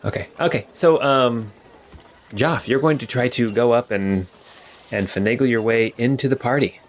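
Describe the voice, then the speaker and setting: A man's voice: mid-range voice, normal speed. A man narrating a tabletop game as game master in a casual, rambling way with many fillers.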